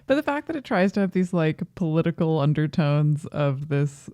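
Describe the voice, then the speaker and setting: Low, mellow-voiced woman podcaster. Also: normal speed, no echo, highs cut off. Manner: opinionated, animated questions, laughs. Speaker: podcast co-host. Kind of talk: casual movie review chat.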